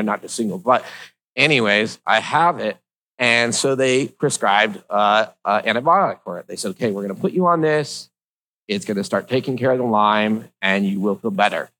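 A man's voice: fairly low pitch, fairly bright tone, low-quality recording. A middle-aged man with slightly slurred speech, telling a personal story in a casual, joking, rambling way.

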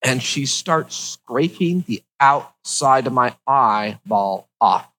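A man's voice: medium pitch, expressive, takes it slowly, a bit bright, poor audio. A man telling a personal story to his viewers in a casual, rambling way, with lots of fillers and wry asides.

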